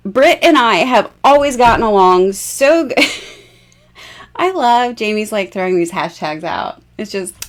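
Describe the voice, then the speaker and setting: Woman, forties, bubbly, chatty, laughs a lot, slightly high voice, live-stream host. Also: big pitch swings, takes it slowly. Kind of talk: casual live-stream chat.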